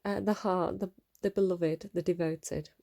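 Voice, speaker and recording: Low gravelly woman doing a tarot reading. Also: steady tone, unhurried, warm tone. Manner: rambling, laughing, trips over words. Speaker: tarot reader. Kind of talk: casual spoken tarot reading. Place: at home.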